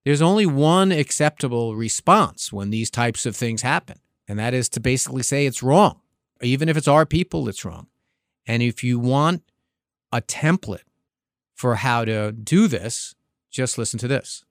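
A man hosting a political podcast, speaking in an emphatic commentary style full of rhetorical questions. His voice sits at a middle pitch. The recording is dry and close, with no room sound. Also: animated, moderate pace, no room sound. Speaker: podcast host, former congressman. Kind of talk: opinion commentary.

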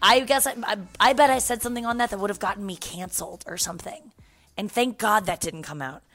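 A woman's voice: mid-range voice, fast, fairly bright tone, soft background music. A young woman hosting a podcast from her apartment couch, chatting casually, laughing and swearing freely. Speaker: podcast host.

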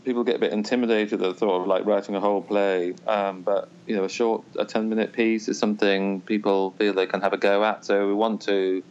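A man's voice: fairly low pitch, level tone, fairly quick, few pauses, a little mellow, smooth. An Irish man and theatre maker, a guest in a casual interview, thoughtful and hesitant as he answers. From Ireland. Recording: dull lo-fi sound.

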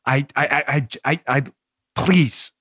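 A man hosting a political talk podcast, talking in an animated, joking monologue that slides into mock pleading. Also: mid-range voice, takes it slowly, breathy edge, dry recording, studio quality. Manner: excitable, mock-pleading, jokey. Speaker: political talk show host.

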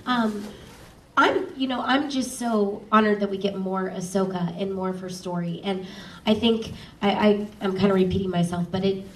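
A woman's voice: mid-range voice, fairly even intonation, normal speed. A woman who narrates audiobooks, chatting casually on a panel with many ums. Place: live event stage. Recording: roomy, distant mic, faint noise.

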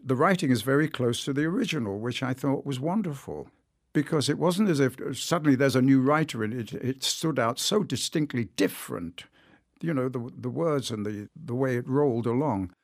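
Gravelly, enthusiastic male narrator. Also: medium pitch, normal speed, no room sound, clean studio sound. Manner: enthusiastic, animated storyteller. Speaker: audiobook narrator, guest. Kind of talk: interview conversation.

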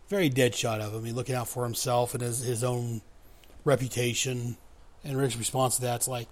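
A man hosting a comic book podcast, recapping the pages in a loose, casual way. He often reads the characters' lines aloud in different voices and breaks into chuckles. His voice sits at an ordinary mid pitch. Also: little pitch movement, normal speed.

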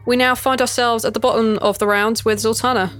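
A woman's voice: on the high side, steady tone, a little fast, fairly bright tone, faint music behind. A woman narrating a tabletop role-playing game as game master, playful and swearing freely, laughing between lines.

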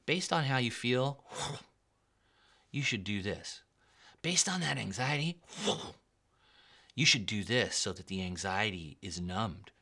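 A man voicing the devil as a sly male tempter who speaks in a hushed, sighing, coaxing way. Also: on the low side, lively intonation, slow pace, pauses often, heavily acted. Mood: coaxing whisper.

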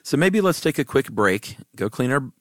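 A man's voice: mid-range voice, very animated, moderate pace, fairly bright tone, dry recording, studio quality. A man co-hosting a podcast in casual chat, laid-back and given to sardonic quips. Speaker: podcast co-host.

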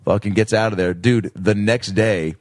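A man's voice: fairly low pitch, fairly even intonation, normal speed, no echo, clean studio sound. A man in his thirties casually telling a rambling, profane story on a podcast and slipping into drunk-guy voices. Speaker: podcast co-host.

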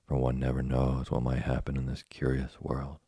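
A man voicing a patient, kind old woodcarver father in a storybook reading, calm and gently lecturing. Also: very deep voice, moderate pace, slightly rough, no room sound, studio quality. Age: older.

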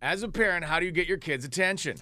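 A man's voice: a little high, fast, bright, forceful tone, no echo. A man hosting a morning radio show, joking and laughing with his co-host.

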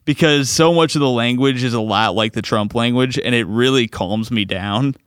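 A man hosts a comedy show from a studio, rambling enthusiastically and chuckling as he talks. His voice sits at a middle pitch and sounds smooth and clear. The close mic gives a dry sound with no room echo. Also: moderate pace, fairly bright tone. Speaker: radio show host. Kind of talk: casual commentary.

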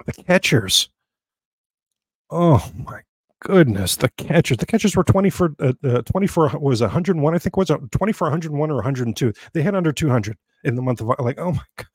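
A man's voice: fairly high pitch, very fast, husky, dry recording. A man hosting a solo sports talk show, reeling off stats with exasperated outbursts and frequent restarts. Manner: animated, exasperated outbursts and self-interrupting restarts. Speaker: sports podcast host.

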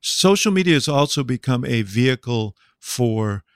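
A man hosting an interview, asking his questions in a measured, conversational way. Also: medium pitch, lively intonation, clear, resonant tone, dry recording, studio quality. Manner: measured, conversational, brief backchannel replies. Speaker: interviewer, host.

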